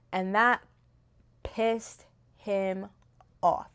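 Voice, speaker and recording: A woman's voice: medium pitch, fairly even intonation, very slow, a bit bright, clean tone. A young woman in casual, rambling chat, retelling a novel's plot with lots of fillers and restarts, recorded on a phone. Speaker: book reviewer. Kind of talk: casual book review chat.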